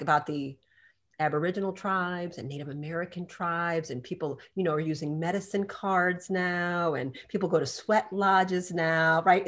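A woman with a somewhat low voice tells a story in a relaxed interview. She acts out the quotes in lively bursts and laughs often as she talks. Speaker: doctor and podcast guest.

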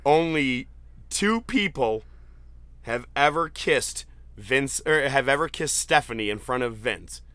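A man hosting a casual podcast chat, retelling jokes with excited, profane laughter. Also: mid-range voice, takes it slowly, long pauses, dry recording. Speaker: podcast host. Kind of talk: casual chat recapping an event.

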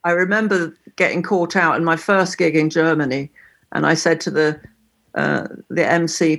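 A woman with a slightly husky, breathy tone talks in a relaxed, chatty way. She tells anecdotes and playfully demonstrates phrases as if teaching a friend. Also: low-pitched, moderate pace. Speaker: guest musician. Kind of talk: casual conversation on a call.

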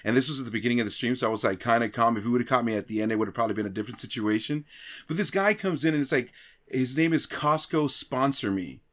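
A male streamer recounts his week in a casual chat, voice sitting in an ordinary middle pitch. He talks loosely and animatedly, swears freely and plays out his own reactions as he goes. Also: fast, fairly bright tone. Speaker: streamer and podcast regular.

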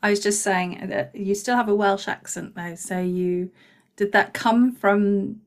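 A woman's voice: medium pitch, fairly even intonation, a little slow. A woman hosting an interview, asking curious, friendly questions. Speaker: podcast host. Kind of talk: casual interview chat.

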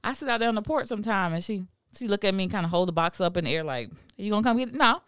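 A woman co-hosting a podcast in a joking, animated way, laughing often. Her voice is smooth and resonant, swinging widely in pitch, and sits slightly low. The sound is dry and close. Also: racing, no room sound. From Jamaican heritage. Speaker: podcast co-host. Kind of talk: casual podcast banter.

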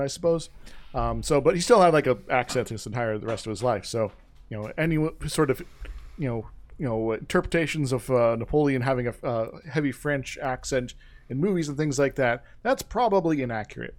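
A man talks casually at an ordinary pitch, rambling loosely with plenty of fillers and restarts. He sounds like a podcast co-host retelling history off the cuff. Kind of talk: casual chat.

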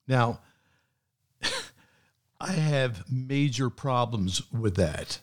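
Earnest pastor, measured and steady. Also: male voice, mid-range voice. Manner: earnest, measured, reads from his notes. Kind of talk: casual chat.

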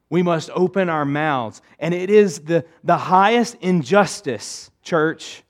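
A male pastor preaching a sermon to his church, emphatic, swinging between raised urgency and hushed intensity. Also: a little high.

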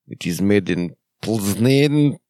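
A man's voice: fairly low pitch, lively intonation, slow, warm tone, a little hiss or hum. A middle-aged man co-hosting a podcast, joking and rambling with swearing over drinks. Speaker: podcast co-host. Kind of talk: casual chat over drinks.

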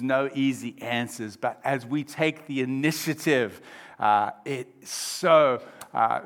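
Forceful preacher in his fifties. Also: mid-range voice. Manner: animated preaching, swinging from soft and reflective to loud emphatic exclamations. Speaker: pastor. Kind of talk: sermon.

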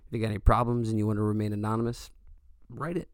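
Gravelly low-voiced man rambling on his podcast. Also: fairly even intonation, quick pace, a little mellow, dry recording, clean studio sound. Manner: rambling, earnest and joking, lots of fillers. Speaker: podcast host. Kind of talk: casual solo podcast monologue.

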